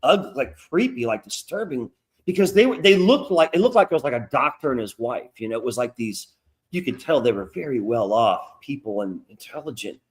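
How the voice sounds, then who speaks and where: A man's voice: mid-range voice, very animated, a little fast. A middle-aged man telling stories in a casual, profane interview chat, acting out quoted asides. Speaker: guest comic creator. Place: lives in North Carolina.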